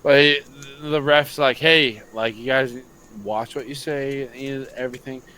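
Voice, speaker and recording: A young man, a high school football coach, telling a long story on a casual late-night podcast, swearing freely and acting out what others said. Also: a little slow, smooth. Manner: profane, animated storytelling.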